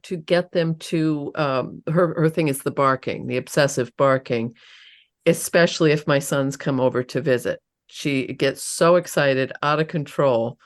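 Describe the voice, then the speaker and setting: A woman host asking a guest questions in a rambling, searching way. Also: low voice. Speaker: podcast host. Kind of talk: conversational interview.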